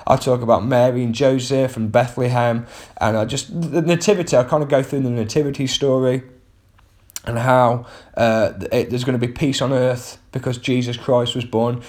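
A man's voice: mid-range voice, fairly even intonation, normal speed, a little mellow. A man, a comedian hosting his own podcast, telling a rambling, self-mocking story with wry asides. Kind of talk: casual comic monologue.

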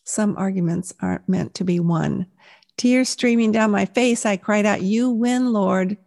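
A woman's voice: medium pitch, moderate pace, gravelly, darkish tone. A woman in her sixties giving a personal faith testimony, telling her story in an earnest, reflective way. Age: 60s.

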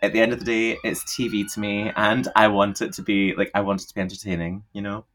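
Low-voiced, chatty male guest; loose, laughing, salty. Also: huge pitch swings, quick pace, a bit bright. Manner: chatty, laughs often, swears freely. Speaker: podcast guest. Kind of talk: casual chat.

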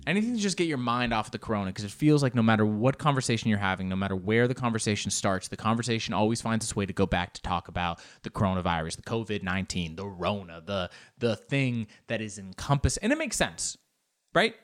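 A young man delivering a profane, animated comic monologue, acting out bits in high put-on voices. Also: quick pace. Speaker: comedian. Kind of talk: stand-up style comic monologue.

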